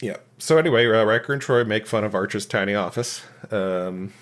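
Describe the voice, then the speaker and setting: A man with a fairly low voice walks through an episode recap in casual podcast chat. He talks loosely, full of ums and restarts, narrating each scene. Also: fairly quick. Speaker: podcast co-host.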